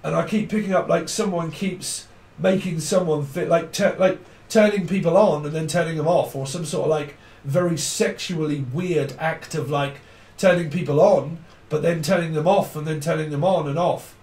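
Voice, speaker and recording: A man's voice: a little high, moderate pace, darkish tone. A man giving a rambling tarot reading, blunt and swearing casually as he goes. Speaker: tarot reader. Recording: echoey room, mic at a distance.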